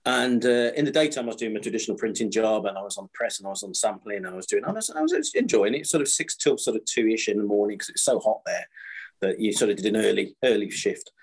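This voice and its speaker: A man's voice: on the low side, fast, creaky, breathy edge. A British man in his fifties chatting casually on a podcast, rambling and restarting as he tells stories. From Britain. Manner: rambling, repeats and restarts, animated storytelling. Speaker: supplier to the screen printing trade.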